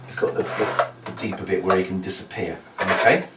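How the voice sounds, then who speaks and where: Teaching a trick one step at a time, a male magician keeps the demonstration chatty, though his low voice is flat and fairly quick. It's recorded from a distant mic in a roomy space with faint background noise.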